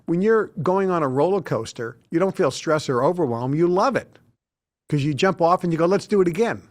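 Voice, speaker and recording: A middle-aged man as an interview guest, telling lively anecdotes and acting out the people he quotes. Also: fairly high pitch, a little fast. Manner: animated storyteller who acts out quotes. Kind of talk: casual interview talk.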